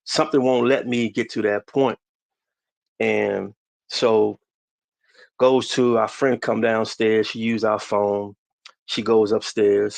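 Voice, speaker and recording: A man in his forties from the DC area, a podcast guest telling a personal story slowly and haltingly, with many restarts. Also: lowish voice, gravelly, no room sound. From DMV area, US.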